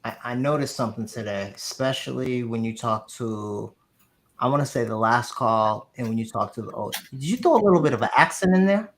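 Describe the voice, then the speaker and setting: A man co-hosting a casual podcast chat, emphatic and animated, repeating his points and rising in pitch when surprised. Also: brisk. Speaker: co-host, real estate investor.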